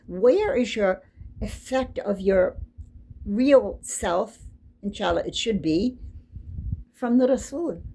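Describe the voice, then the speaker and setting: An older woman giving an informal, chatty lecture, quick to get excited. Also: mid-range voice, gravelly, slight background noise, rough recording. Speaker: teacher.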